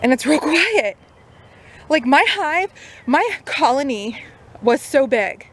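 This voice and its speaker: A woman's voice: high voice, very animated, slow, a bit bright. Chatty woman beekeeper outdoors. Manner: chatty, upbeat, uses many fillers. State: out of breath. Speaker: new beekeeper. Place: outdoors by beehives.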